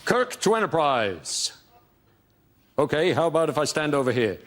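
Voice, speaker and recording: A man's voice: a little high, very animated, normal speed. A man on a comedy panel show, delivering dry, sardonic one-liners. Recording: loud background noise.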